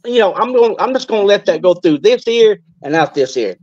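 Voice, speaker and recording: A man, a guest who talks fast and stays insistent but polite in a heated online debate. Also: sits high, animated, darkish tone, no room sound, muffled recording.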